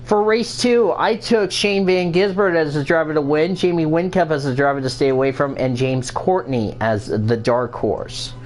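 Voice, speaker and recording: A man's voice: on the high side, moderate pace, hardly any pauses. A man hosting a casual show, chatting while he plays a game, rambling and swearing freely at it. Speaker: show host. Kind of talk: casual chat while gaming.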